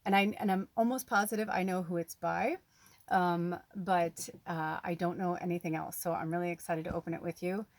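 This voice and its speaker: A woman on the US West Coast making a casual vlog as a spiritual medium, chatting excitedly while unboxing a gift. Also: fairly low pitch, moderate pace, no room sound. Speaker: spiritual medium and tarot reader. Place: at home, off-grid.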